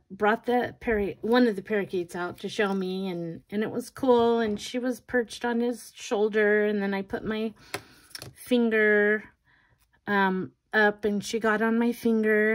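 Grandmother nail vlogger, slow chatty storyteller, mid-pitched, casual. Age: older. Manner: rambling storyteller, laughs often, many restarts. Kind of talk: casual chat while doing nails.

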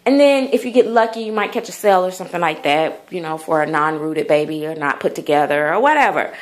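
A woman's voice: low-pitched, lively intonation, quick pace. A woman vlogger chatting casually to the camera in a rambling way, full of fillers. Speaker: doll collector vlogger.

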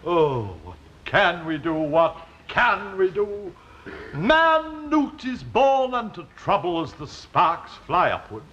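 An actor playing a pompous, flustered bishop in a 1960s studio sitcom, on a muffled old TV recording with faint hiss. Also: male voice, sits high, big pitch swings, slow, fairly bright tone, exaggerated voice. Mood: anguished. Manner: pompous, flustered, grandly quoting scripture. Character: pompous fussy middle-aged male bishop.

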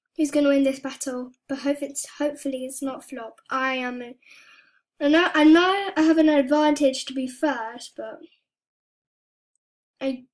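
A young woman giving soft-spoken, anxious commentary as she plays a video game. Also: sits high, takes it slowly, pauses often. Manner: soft-spoken, often hushed, anxious chatter. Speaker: gaming YouTuber. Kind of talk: casual gameplay commentary.

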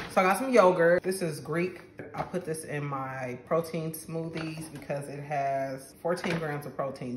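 A middle-aged woman, chatting casually to viewers as a cooking vlogger and cracking jokes as she shows her groceries. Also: sits low. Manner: chatty, joking asides to viewers. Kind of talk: casual grocery haul chat. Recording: echoey room, faint noise.

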